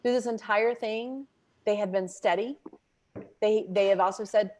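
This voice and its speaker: A woman's voice: mid-range voice, moderate pace. A woman who runs a quilting business, telling stories emphatically in a casual group video chat. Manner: animated, emphatic storyteller.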